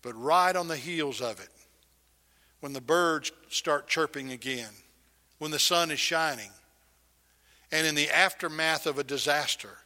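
A middle-aged man preaching a sermon, swinging from loud emphasis to hushed near-whispers. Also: fairly high pitch, a little slow, pauses often, in a large hall. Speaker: pastor.

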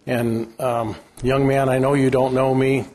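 An older man preaching from the pulpit of a church, speaking in a folksy, rambling way. He leans on fillers and restarts, and his voice sits at an everyday pitch. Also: level tone, measured pace, darkish tone, slight background noise. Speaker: guest preacher. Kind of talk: sermon. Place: church sanctuary.

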